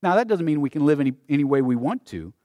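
Male pastor, sermon delivery, higher-pitched, dry close recording. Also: big pitch swings, fast, dark tone, no echo. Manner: preaching with swelling, rising emphasis and Scripture reading.

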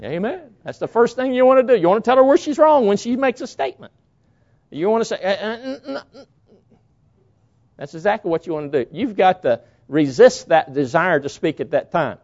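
A man's voice: high voice, lively intonation, fairly quick, darkish tone. A man preaching a sermon in a folksy, storytelling way. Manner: folksy storytelling, acts out quoted voices. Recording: dull lo-fi recording.

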